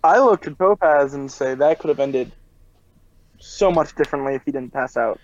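A man playing a tabletop game with friends, reacting in quick casual banter. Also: mid-range voice, darkish tone. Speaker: player. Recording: slightly dull lo-fi sound.

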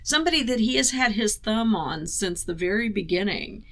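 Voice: medium pitch, lively intonation, moderate pace, creaky, bright, forceful tone. A podcast co-host in casual chat, agreeing often and adding short remarks. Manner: agreeable, frequent affirmations. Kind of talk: casual book discussion.

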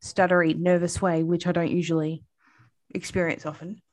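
A woman's voice: fairly low pitch, flat delivery, moderate pace. A woman co-hosting a podcast in casual chat, chatty with frequent fillers and laughs. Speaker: podcast co-host.

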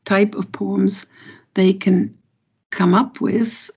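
Slow, gravelly woman translator, lo-fi. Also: medium pitch, fairly even intonation, darkish tone. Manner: thoughtful, halting, many pauses and restarts. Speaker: poet and translator. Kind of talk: unhurried interview talk, reading a poem aloud. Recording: dull lo-fi recording.

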